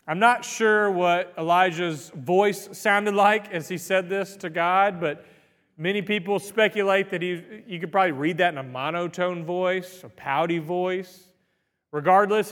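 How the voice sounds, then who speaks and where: Pastor, male, 30s, high voice, chatty animated preaching, reverberant sanctuary sound. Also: measured pace. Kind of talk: sermon. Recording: reverberant hall.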